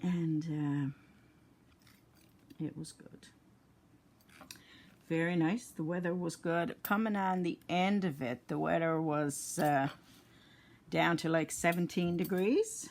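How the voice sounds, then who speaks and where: An older woman talks her viewers through a craft project at home. She speaks slowly and a little low, sounding tired between yawns. Her talk is chatty and rambling, and she is picked up by a phone camera. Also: a little mellow. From Newfoundland, Canada. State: tired, yawning. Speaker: crafting vlogger. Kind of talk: casual chat while crafting.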